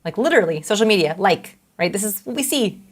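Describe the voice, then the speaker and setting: A woman's voice: medium pitch, quick pace. A woman, a behavioral expert, explaining as an interview guest and acting out short examples along the way. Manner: lively, explains with acted-out examples.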